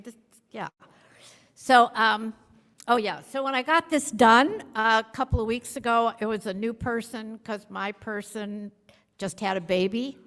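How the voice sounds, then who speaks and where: A woman's voice: medium pitch, fairly bright tone. A woman giving a chatty, self-deprecating storytelling sermon to a congregation, acting out the quotes she tells. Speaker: speaker at a congregation. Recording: long hall reverb.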